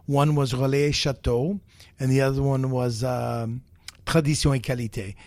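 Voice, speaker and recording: Brief: middle-aged male chef, lively raconteur, close dry podcast mic. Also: mid-range voice, normal speed, dry recording. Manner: animated storyteller, many fillers, quotes others. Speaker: guest chef. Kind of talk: storytelling interview chat.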